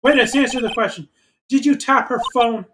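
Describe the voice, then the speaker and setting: A woman's voice: on the high side, moderate pace, background noise, close to an everyday voice. A woman voicing a stern, commanding male judge.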